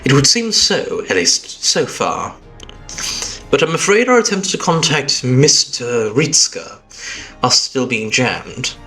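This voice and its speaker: A composed woman inventor, read out by a British man on a stream gives steady, reassuring explanations. The voice stays close to his own middle pitch, with no attempt at a foreign accent. Faint music sits in the background. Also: slow, heavily acted. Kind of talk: reading game dialogue aloud on a live stream.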